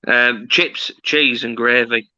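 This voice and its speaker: Northern English co-host, slow easygoing chat, sharp bright voice, lo-fi muffled sound. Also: male voice, mid-range voice, steady tone, dry recording. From Northern England. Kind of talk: casual chat. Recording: muffled lo-fi audio.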